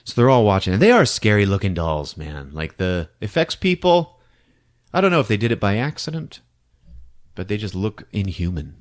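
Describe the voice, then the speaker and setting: Low-voiced man recapping a movie. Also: normal speed. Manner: animated, laughing often, acting out scenes. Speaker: podcast host.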